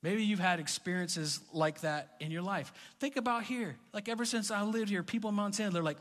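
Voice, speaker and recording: A man's voice: sits high, fairly quick, few pauses. Conversational male pastor in a reverberant hall. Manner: conversational, storytelling, rising to animated bursts. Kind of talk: sermon. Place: church hall.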